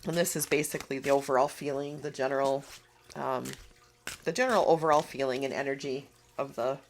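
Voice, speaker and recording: Her voice low and her tone fairly even, a woman goes over an oracle card reading in a relaxed vlog, a faint hiss or hum in the background. She's emotional and close to tears, and her soft, halting words are broken by many pauses.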